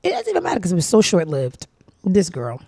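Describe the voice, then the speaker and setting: A woman's voice: on the low side, huge pitch swings, fast, creaky, warm tone, a little hiss or hum. A woman hosting her own show, giving casual gossip commentary in a blunt, sassy, profane way. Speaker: show host.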